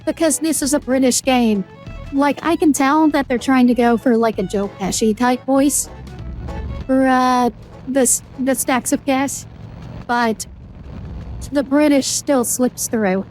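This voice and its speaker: A woman's voice: high voice, steady tone, a little slow, darkish tone, faint music behind. A woman playing a game on a stream, chatty as she explains the game and drops bits of trivia. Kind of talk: casual gaming stream commentary.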